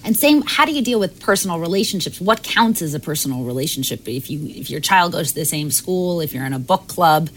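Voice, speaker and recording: A woman's voice: lowish voice, expressive, fairly quick, hardly any pauses, a little hiss or hum, low-quality recording. A woman interviewer asking long, chatty questions, hedging with "sort of" and "um".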